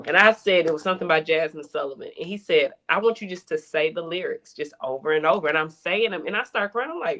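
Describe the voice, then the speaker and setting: A woman's voice: fairly low pitch, lively intonation, quick pace, few pauses, fairly bright tone, a little hiss or hum. A woman in a casual group chat telling a candid personal story and acting out quoted dialogue. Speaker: panelist.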